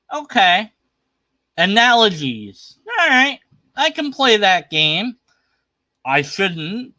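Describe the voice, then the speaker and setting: Skeptical high-voiced man, bright and dry. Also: no echo. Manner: skeptical, argumentative, rambling. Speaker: livestream host reacting to a video. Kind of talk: casual commentary.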